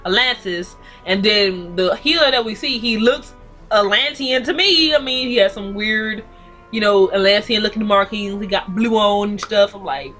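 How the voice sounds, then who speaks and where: A woman's voice: medium pitch, normal speed, a bit bright, soft background music. Sassy, profane woman recapping a TV episode. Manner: blunt, profane, sassy commentary. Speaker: TV recap reviewer. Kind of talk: casual episode recap and rant.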